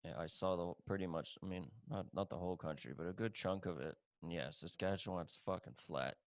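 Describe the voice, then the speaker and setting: A man's voice: low-pitched, a little fast, dry recording. A man hosting a podcast, chatting casually in a blunt, profane, joking manner. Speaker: podcast host. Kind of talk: casual chat.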